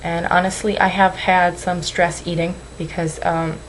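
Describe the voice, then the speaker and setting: Young woman, lowish voice, rambling and apologetic, tearful, webcam mic, faint hiss. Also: level tone, measured pace, low-quality recording. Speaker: weight-loss vlogger. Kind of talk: emotional webcam vlog.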